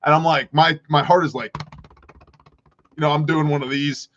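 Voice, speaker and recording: High-voiced man telling a story on a dull livestream. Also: normal speed, slight background noise. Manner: animated storyteller, laughs often, acts out voices. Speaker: prepper channel host.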